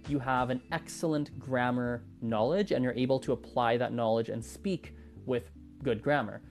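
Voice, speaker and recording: A man's voice: medium pitch, a little mellow. Rambling man talking language learning. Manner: rambling, thinks aloud with many restarts and fillers. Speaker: language-learning content creator. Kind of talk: casual monologue.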